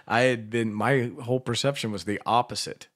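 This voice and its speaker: A man's voice: mid-range voice, a little slow, fairly bright tone, no echo, clean studio sound. An older man co-hosting a radio show, telling rambling stories full of swearing in casual banter. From Washington, D.C. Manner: profane, rambling storyteller. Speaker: radio co-host.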